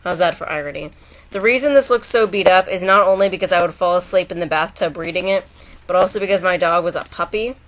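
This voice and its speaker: A young woman talking casually to her camera at home. She rambles through her thoughts, restarting sentences and adding asides as she goes. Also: fairly low pitch. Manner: chatty, rambling, with many restarts. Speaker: vlogger. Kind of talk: casual chat.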